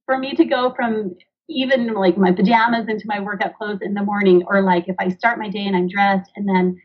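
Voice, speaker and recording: A woman's voice: medium pitch, steady tone, brisk, husky, muffled recording. A woman in her thirties, a mother and author, talking earnestly as a podcast guest, rambling a little as she explains. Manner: earnest, rambling, acts out dialogue. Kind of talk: conversational interview.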